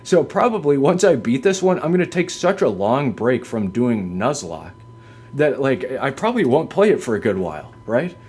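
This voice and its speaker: A man's voice: medium pitch, sing-song, moderate pace, darkish tone, breathy edge. A man streaming a video game from home, ranting defensively, swearing hard and leaning on "like" as filler. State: upset. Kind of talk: venting rant on a live stream. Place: home, by a window.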